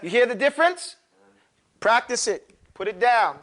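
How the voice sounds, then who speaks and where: A man teaching Quran recitation to a class, drilling students casually and modeling each word slowly, with some jokes. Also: extremely high pitch, very animated, a bit bright. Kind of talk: classroom tajweed lesson.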